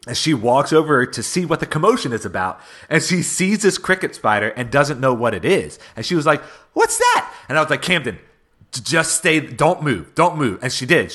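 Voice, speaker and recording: A man, a father and co-host, telling a funny story in casual chat, animated and laughing as he goes. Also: medium pitch.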